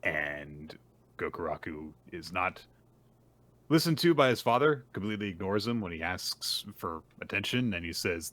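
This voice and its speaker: A low, expressive, somewhat bright voice at normal speed belongs to a podcast co-host. He casually tells the story of a manga chapter, chatting away and performing the characters' lines.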